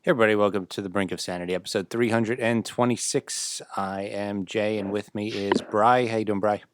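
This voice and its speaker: Low-voiced dry, grumbling male host. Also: steady tone, a little fast, music in the background. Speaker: podcast host. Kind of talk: casual podcast banter.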